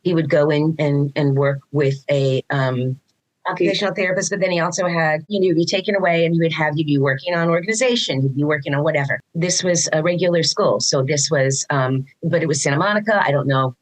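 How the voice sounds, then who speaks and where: Low-voiced woman telling stories animatedly. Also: fast talker, low-quality recording. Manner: animated storytelling, acts out quoted dialogue, frequent restarts. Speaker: guest, mother of a neurodivergent son. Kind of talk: casual conversational interview.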